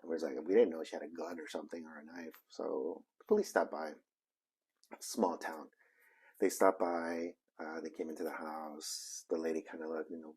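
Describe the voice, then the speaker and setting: A man casually telling a story from his reselling business, rambling and halting with many fillers and restarts. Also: rumbling low, fairly even intonation, darkish tone, husky. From Arizona, United States.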